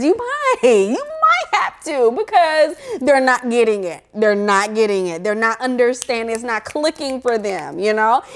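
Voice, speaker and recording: A young woman with an African American English accent giving casual life advice, animated and playful, acting out little scenes with sing-song interjections. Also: on the high side. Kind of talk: casual advice talk to camera.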